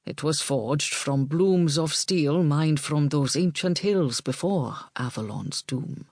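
A woman voicing an old male druid who speaks with slow, solemn courtesy. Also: a little high, a little mellow, no echo, studio quality. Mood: respectful.

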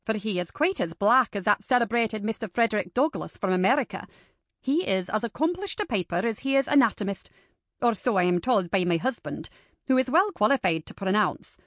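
Brief: woman reads chatty period lady, lively and eager. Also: medium pitch, brisk, dry recording, clean studio sound, close to an everyday voice.

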